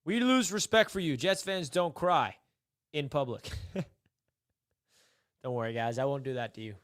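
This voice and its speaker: A man's voice: a little high, moderate pace, fairly bright tone, dry recording, clean studio sound. A young man hosting a casual live sports stream, rambling and mock-despairing, repeating himself.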